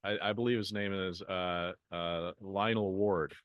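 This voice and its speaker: A man hosting a podcast, asking halting, conversational questions. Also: low-pitched, steady tone, dry recording, narrow, tinny audio. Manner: halting, filler-heavy questions. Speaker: podcast host. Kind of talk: conversational interview.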